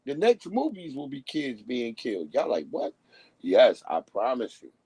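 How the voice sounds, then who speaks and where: A man's voice: medium pitch, wildly swooping pitch, normal speed, dark tone, slightly rough, no echo, low-quality recording. A man on a live stream, ranting bluntly in casual talk and acting out the voices of people he quotes. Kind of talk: casual profane rant.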